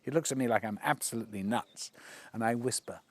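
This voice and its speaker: A man's voice: medium pitch, quick pace. A man telling anecdotes in an interview, acting out the quoted dialogue with shifting voices. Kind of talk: anecdotal storytelling.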